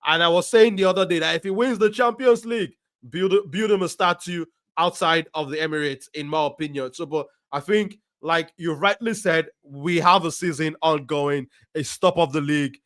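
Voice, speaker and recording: A man co-hosting a live fan stream, reading viewer comments in a measured way with many ums. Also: on the high side, a bit bright, no room sound, studio quality. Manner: measured, with frequent ums and repeats.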